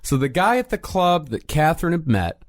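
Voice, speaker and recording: A man from the United States co-hosting a podcast, telling the story of a case in a relaxed way with dry asides. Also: on the high side, normal speed. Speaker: podcast co-host, case narrator. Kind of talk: casual true-crime storytelling.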